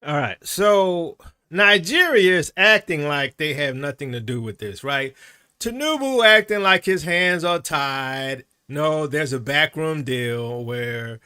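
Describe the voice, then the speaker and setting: Animated sarcastic male commentator. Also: a little high, slow pace, smooth. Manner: animated, sarcastic, keeps asking "right?". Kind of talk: opinionated commentary.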